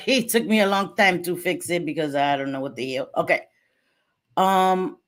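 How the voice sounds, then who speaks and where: A woman's voice: on the low side, normal speed, a bit bright. A young woman hosting a casual livestream, chatty and sassy, dropping Spanish phrases and apologizing between rants. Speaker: livestream host.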